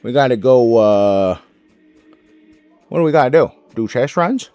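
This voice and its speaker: A man's voice: mid-range voice, animated, a little slow, warm tone, faint music behind. A man streaming a game, chatting casually with viewers and cooing baby talk at his dog.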